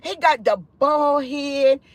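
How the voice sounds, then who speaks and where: A woman in an animated spiritual testimony on a live stream, chatty and expressive, often calling the listener "honey" and "sis". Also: slow, dry recording. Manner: expressive and chatty, with big pitch swings and laughter; loose conversational speech with frequent "honey" and "sis".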